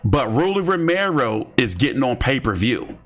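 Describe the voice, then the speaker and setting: A man's voice: medium pitch, big pitch swings, moderate pace. A man hosting casual boxing commentary, rambling and joking with slang and lots of fillers. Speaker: host.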